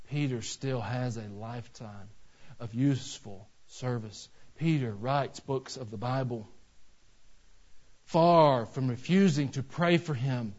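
A male pastor preaching a sermon in a conversational, storytelling way that swings from loud to soft. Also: mid-range voice, normal speed. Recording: dull lo-fi recording.

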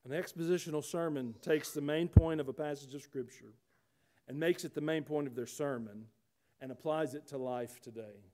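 A man's voice: fairly high pitch, normal speed, warm tone. A man preaching a sermon, folksy and conversational, rising to emphatic rhetorical questions. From United States. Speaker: pastor.

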